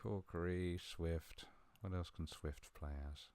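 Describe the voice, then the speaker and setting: A man talking through a football management game he is playing, chatty and a little mumbling, with sudden bursts of excitement. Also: low-pitched, slow, dry recording. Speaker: gaming video host. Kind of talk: live game commentary.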